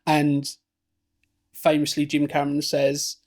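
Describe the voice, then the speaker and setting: A man co-hosting a film podcast, rambling along in relaxed chat. His voice sits a touch high and has a gravelly, fry-heavy edge. He keeps circling back with fillers and restarts. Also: unhurried. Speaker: podcast co-host. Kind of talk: casual film discussion.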